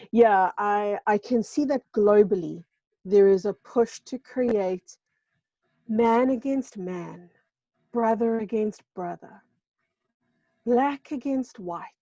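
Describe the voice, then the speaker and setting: An emphatic woman from South Africa talks over a video call, her voice mellow and dark. The sound is dry and somewhat dull, with no room around it. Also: mid-range voice, no echo. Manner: emphatic, repeats phrases for stress. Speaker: show co-host. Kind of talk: casual video-call chat. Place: home in a seaside village.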